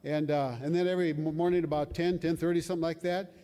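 A man's voice: fairly high pitch, level tone, quick pace, mellow. An older man preaching a sermon in a conversational way, often asking his listeners questions. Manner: conversational, asks the audience questions. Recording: long hall reverb.

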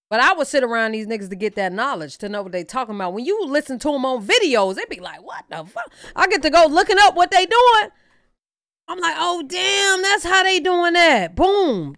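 A woman hosting a reaction channel, giving blunt, profane, animated opinions in casual commentary. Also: on the high side, dry recording, clean studio sound.

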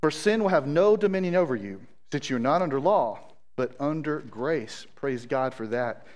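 A man's voice: medium pitch, expressive, moderate pace. A man, a pastor, preaching a sermon, reading scripture aloud with asides and praying earnestly.

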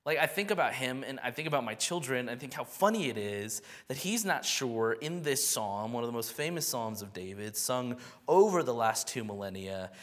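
A young adult man preaching a sermon. He prays softly, reads scripture with feeling, and grows lively and animated when he tells stories. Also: medium pitch, moderate pace, hardly any pauses, long reverb tail. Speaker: pastor. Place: church sanctuary.

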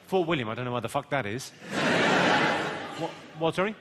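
A man doing stand-up crowd work on a theatre stage, deadpan and mocking with quick comebacks. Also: medium pitch, very noisy. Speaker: stand-up comedian. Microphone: stage microphone. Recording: live theatre recording with loud crowd laughter. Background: loud audience laughter.

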